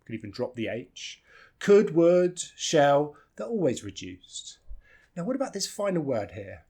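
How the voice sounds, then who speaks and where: A man with a non-rhotic British accent teaching English pronunciation, slowly demonstrating the weak and strong forms of words and repeating them. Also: fairly high pitch, sing-song, creaky, warm tone, husky. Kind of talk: pronunciation lesson.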